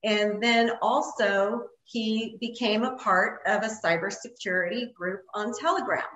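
Woman, interview guest, casual rambling storytelling, bright voice, roomy echo. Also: medium pitch, measured pace. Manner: rambling, many fillers like "like" and "you know".

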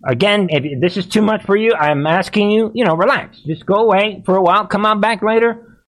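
A man's voice: high-pitched, fairly quick. A male host delivers live-streamed political commentary in a slightly raised voice. He talks in an agitated, repetitive and preachy way.

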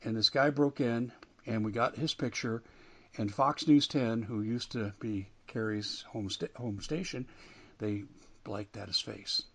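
A man's voice: medium pitch, steady tone, a little slow, fairly bright tone, husky. A man hosting a talk radio show, delivering an emphatic monologue that rises and falls with indignation. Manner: emphatic, rising and falling with indignation.

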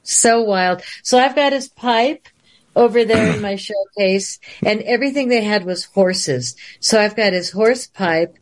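A woman guest on a livestream interview, telling a long story in an animated way and laughing often. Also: mid-range voice, measured pace.

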